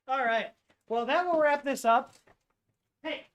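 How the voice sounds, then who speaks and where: A woman hosting a casual live Q&A stream, talking in a relaxed, rambling way with many fillers and restarts. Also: high voice, a little slow, pauses often. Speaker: livestream host answering 3D printer questions.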